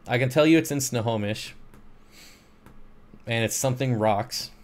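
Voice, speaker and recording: A man's voice: mid-range voice, moderate pace. A man hosting a casual live stream, reading viewer questions aloud and answering them in a laid-back, rambling way. He is short on sleep. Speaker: livestream host answering chat. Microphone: streaming microphone.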